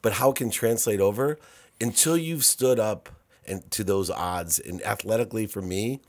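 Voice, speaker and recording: A man's voice: on the low side, moderate pace, no room sound. A man being interviewed on a podcast, telling a personal story with feeling, often repeating words and acting out what people said. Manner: animated, repeats words, acts out quotes. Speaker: podcast guest. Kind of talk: emotional storytelling in conversation.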